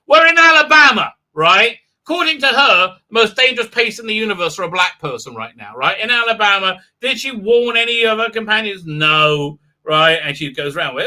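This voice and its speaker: A man's voice: on the high side, lively intonation, moderate pace, pushed and bright. A man hosting a live-stream review, rambling and sarcastic, with many stalls and restarts. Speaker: host and reviewer.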